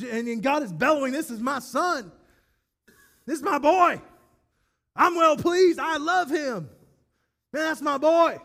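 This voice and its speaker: A male pastor delivering a sermon with eager, conversational energy. His voice sits high for a man. He slips in self-deprecating jokes between his points.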